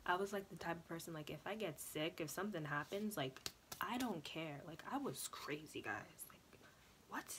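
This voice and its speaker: A young woman talks straight to the camera in a casual storytelling vlog. She is chatty and animated, with lots of "like" and "you know", and her voice sits a little low. A faint hiss of background noise sits under her. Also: moderate pace. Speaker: vlogger.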